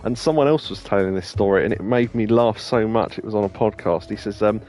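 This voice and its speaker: A man's voice: on the low side, brisk, darkish tone, faint music behind. A man chatting casually over gameplay, rambling through stories with many restarts and laughs. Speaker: let's play host.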